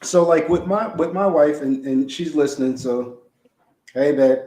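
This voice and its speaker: A man with a slightly raised voice, talking things through in a relaxed, colloquial way and thinking aloud as he goes. The recording carries a noticeable room echo around him. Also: a little high, a little slow. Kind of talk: casual chat. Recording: roomy echo.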